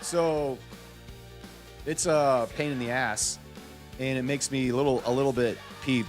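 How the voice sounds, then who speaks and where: A man's voice: mid-range voice, fairly even intonation, measured pace, long pauses, soft background music. A man hosting a live trading stream, venting about a late payout and greeting viewers from chat one by one. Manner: frustrated ranting, then rattling off chat names.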